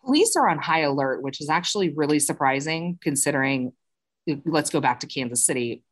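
A woman's voice: low-pitched, expressive, a little fast, noisy background. A woman hosting a podcast, casually retelling a true crime case with chatty asides and fillers. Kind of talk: casual storytelling chat.

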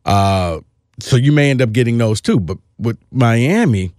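A man's voice: medium pitch, animated, measured pace, a little mellow, no echo, studio quality. Opinionated man talking college football. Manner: opinionated, emphatic, restarts phrases. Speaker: sports podcast co-host. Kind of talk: casual sports talk.

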